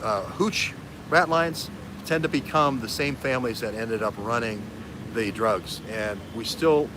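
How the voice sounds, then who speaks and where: A man hosting a livestream as an investigative journalist, talking in an animated, digressive way that jumps between threads. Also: mid-range voice, measured pace, noisy background. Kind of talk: livestream talk.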